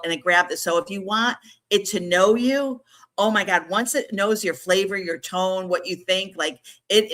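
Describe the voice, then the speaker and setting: A middle-aged woman appears as a podcast guest in a casual interview, chatting enthusiastically and promoting something. Her voice is on the low side yet bright, with a forceful tone, and she laughs quickly.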